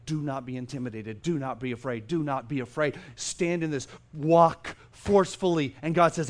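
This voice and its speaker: A middle-aged pastor with a fairly high voice preaches to his congregation in a church. He speaks emphatically, swinging from quiet to loud, and often restarts his sentences as he drives a point home. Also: moderate pace, few pauses. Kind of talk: sermon. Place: church sanctuary.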